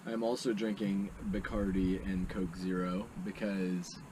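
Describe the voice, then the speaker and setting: A man's voice: low voice, flat delivery, a little slow, background noise. A young man co-hosting a casual vlog, joking and explaining things. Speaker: vlog co-host. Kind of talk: casual chat.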